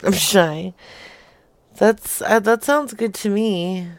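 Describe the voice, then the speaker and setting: A woman's voice: medium pitch, slow pace, no echo. A woman co-hosting a comedy show, chatting in a giggly, teasing way and swearing freely. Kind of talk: casual banter on a live show.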